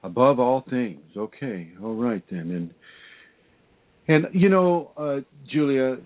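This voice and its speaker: A man hosting an interview over a video call, his voice at an ordinary middle pitch. He asks probing questions, often restarting and repeating words. The line sounds thin and tinny, like a phone. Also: sing-song, slow pace. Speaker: interview host and spiritual teacher. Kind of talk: conversational interview.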